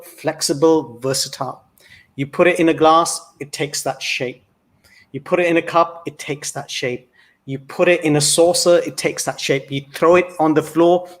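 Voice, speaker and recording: A man speaks as a guest on a talk show in an earnest, reflective way. His voice sits somewhat high for a man, and he often stumbles and restarts his phrases. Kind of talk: conversational monologue.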